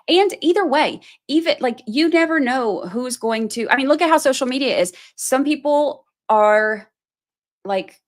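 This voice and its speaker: Brief: woman commentator, fairly high voice, rambling livestream chat about a trial, lots of "like" and "you know". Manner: chatty, heavy use of "like" and "you know", acts out quoted voices. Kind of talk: casual live commentary.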